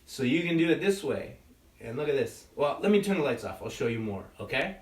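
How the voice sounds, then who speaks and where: A man's voice: mid-range voice, sing-song, brisk. A man teaching a children's puppetry workshop in a friendly, chatty, playful way, often checking in with "right?". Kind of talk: children's craft tutorial. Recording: echoey room, distant mic.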